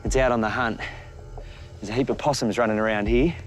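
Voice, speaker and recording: A middle-aged Australian man presenting wildlife on location outdoors, chatty and lively, often talking straight to the animal. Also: mid-range voice, a little fast, soft background music. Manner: lively, chatty, talks directly to the snake. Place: outdoors in the bush and by a road.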